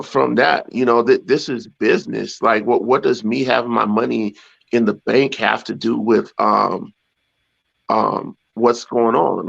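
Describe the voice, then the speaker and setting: A man with a gravelly voice co-hosts a casual talk show. He speaks haltingly, repeating and restarting words as he works out his point. The recording sounds dull and lo-fi. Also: mid-range voice, fairly bright tone. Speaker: podcast co-host.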